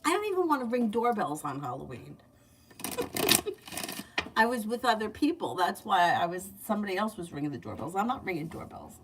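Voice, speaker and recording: A woman's voice: mid-range voice, sing-song, normal speed. Chatty woman reading tarot, mic at a distance. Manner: chatty, candid, laughs often. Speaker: tarot reader. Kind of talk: casual livestream chat and card reading. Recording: distant mic, faint background noise.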